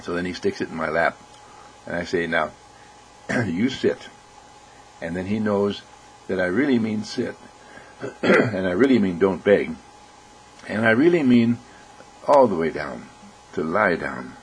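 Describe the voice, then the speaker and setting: A man giving a gentle, reflective talk, telling stories and acting out voices. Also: deep voice, expressive, measured pace, long pauses, slight background noise, low-quality recording. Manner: gentle, storytelling with acted voices. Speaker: speaker.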